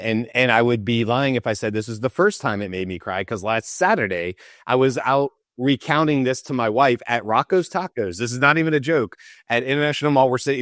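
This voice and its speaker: A man co-hosting a show, telling a story in an animated, laughing way in casual chat. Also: mid-range voice, no echo, studio quality. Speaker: show co-host.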